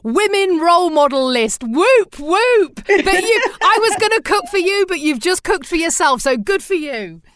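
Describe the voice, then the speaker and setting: A woman's voice: very high-pitched, sing-song, moderate pace, few pauses, fairly bright tone, no room sound, studio quality. A British woman hosting a podcast in a casual interview chat, cheering her guest on in an encouraging way. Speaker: podcast host.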